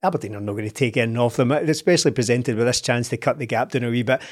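A man's voice: mid-range voice, racing. A Scottish man co-hosting a football podcast, telling anecdotes in an incredulous, chatty way. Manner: storytelling, incredulous. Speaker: podcast co-host. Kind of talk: casual chat.

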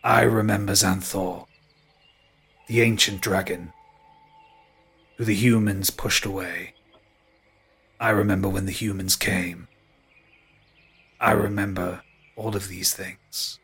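A man voicing an ancient tree spirit who speaks slowly and solemnly. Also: low-pitched, steady tone, creaky, a bit bright, breathy edge, full character voice. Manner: very slow, ponderous, solemn.

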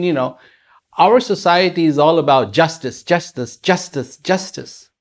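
A speaker giving a reflective spiritual talk, using rhetorical questions and repetition for emphasis. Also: medium pitch.

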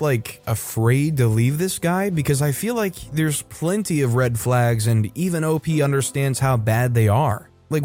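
A man reading online forum posts aloud in a steady, even narration with brief comments of his own. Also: mid-range voice. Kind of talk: scripted story narration.

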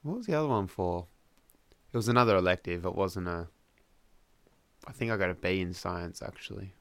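Gładki męski głos z australijskim akcentem. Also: male voice, low-pitched, fairly quick, fairly bright tone, no echo. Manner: wry, reads trivia aloud. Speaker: podcast co-host. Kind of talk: casual chat, reading out facts. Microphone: studio microphone.

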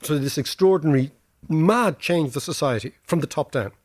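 An Irish man talks through history and economics like a lively lecturer, leaning on rhetorical "right?" tags. His pitch jumps around as he makes points. The recording is dry and close. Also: brisk, no echo. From Ireland. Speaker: podcast host. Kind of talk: casual explanatory chat.

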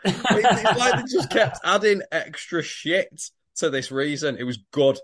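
A man's voice: on the high side, sing-song, unhurried, fairly bright tone. A man co-hosting a podcast, recapping a story with dry, wry asides and swearing. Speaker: podcast co-host. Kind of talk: casual comedic recap chat.

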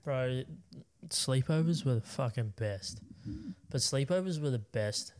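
A man's voice: mid-range voice, expressive, a little slow, darkish tone. A young man co-hosting a podcast, chatting in a laid-back, swearing way. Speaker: podcast co-host. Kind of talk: casual chat.

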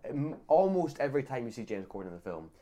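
A man's voice: mid-range voice, fast talker. A Scottish man hosting a podcast, chatting casually about films and laughing often. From Scotland. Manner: animated, laughs often, mocks bad films. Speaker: podcast host. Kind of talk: casual chat.

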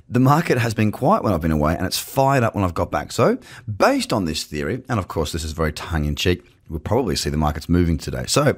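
A man hosting a crypto show, talking casually and chattily to camera from his office, with jokey asides. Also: sits low. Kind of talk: casual market commentary to camera. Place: home office with screens. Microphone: webcam setup.

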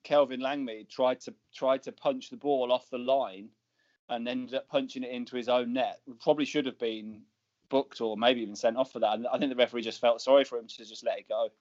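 A man's voice: medium pitch, fairly even intonation, brisk, darkish tone. A man in casual chat who tells stories and laughs easily. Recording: dull lo-fi, dry.

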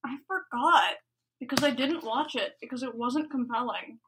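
A young woman co-hosting a podcast, with a bright, clear and somewhat high voice. Her humor is dry and teasing, and she delivers her jokes deadpan in easy, casual chat. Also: moderate pace, low-quality recording. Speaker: podcast co-host.

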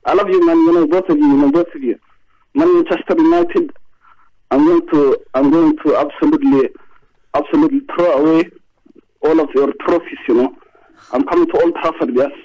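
A man phoning in to a show, boasting excitedly in broken English. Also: on the high side, brisk, highs cut off. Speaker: caller. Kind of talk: call-in phone chat.

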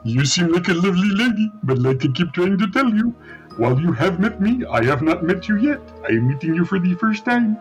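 A man's voice: sits high, sing-song, fairly quick, soft background music, rough recording. A man playing a tabletop game in character, making dry, teasing jokes. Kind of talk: in-character tabletop role-play.

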